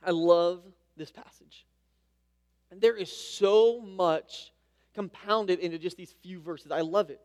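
A man preaching a sermon as pastor, reading scripture and talking in a relaxed, conversational way with casual asides. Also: sits high, slow pace. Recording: long hall reverb.

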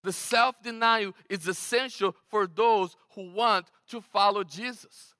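Brazilian guy preaching, bright tense voice, keeps restarting, echoey church hall. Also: high-pitched, a little slow, clean tone. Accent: Brazilian Portuguese. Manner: conversational, animated preaching with frequent restarts. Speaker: pastor. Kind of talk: sermon. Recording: long hall reverb.

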